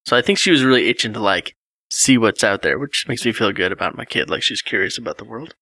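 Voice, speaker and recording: A man in his thirties tells a story in a lively, up-and-down voice with a bright, forceful tone. He reads passages aloud and chuckles along the way. The sound is close and dry. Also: fairly low pitch, fast talker, no room sound. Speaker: podcast co-host. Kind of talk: casual chat retelling a gamebook read with his child.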